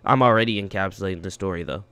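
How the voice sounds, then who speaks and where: A man hosting a reaction video, talking in an earnest, heartfelt way with pauses and ums. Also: sits low. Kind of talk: casual reaction commentary.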